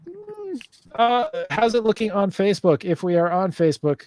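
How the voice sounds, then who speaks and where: A man's voice: high-pitched, wildly swooping pitch, moderate pace, a little mellow, no echo. A man hosting a comedy game show stream, loose and chatty with lots of fillers and restarts.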